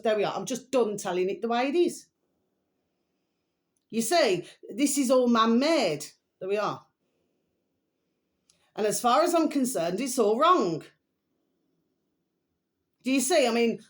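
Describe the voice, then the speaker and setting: A middle-aged woman, rambling through a casual opinion monologue as a vlog host, chatty and emphatic, with repeated pet phrases. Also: a little high. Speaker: vlogger host.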